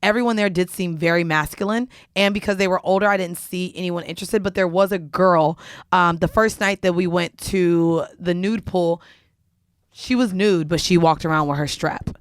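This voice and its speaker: Smooth-voiced blunt woman podcast co-host. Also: fairly low pitch, moderate pace, no echo, studio quality. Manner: chimes in, blunt and crude, adds details. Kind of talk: casual chat.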